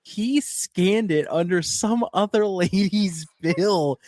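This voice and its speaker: A man co-hosting a podcast, joking in quick, reactive casual banter. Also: high-pitched, darkish tone, dry recording, clean studio sound. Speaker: podcast co-host. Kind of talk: casual chat.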